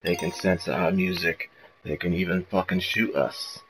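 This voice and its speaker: A man doing a rough impression of a defiant aging rock frontman with a raspy voice. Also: low voice, steady tone, normal speed, a bit bright, soft background music, poor audio. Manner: defiant rant.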